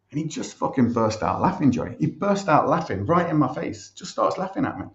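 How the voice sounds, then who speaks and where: An Irish man, a podcast guest, telling a story in a chatty, animated way and swearing casually. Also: medium pitch, fairly quick, few pauses. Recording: roomy, dull recording.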